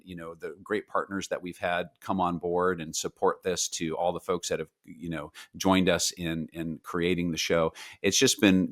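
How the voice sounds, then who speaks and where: A man answering interview questions about his animated series in a casual, halting way, full of fillers and restarts. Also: low-pitched, no echo, studio quality. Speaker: guest, animated series creator.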